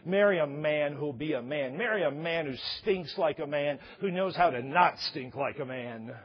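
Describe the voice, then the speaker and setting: Middle-aged male pastor, slightly high husky voice, comic sermon delivery, dull lo-fi sound. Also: normal speed. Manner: joking, acts out couples' voices. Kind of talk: humorous sermon.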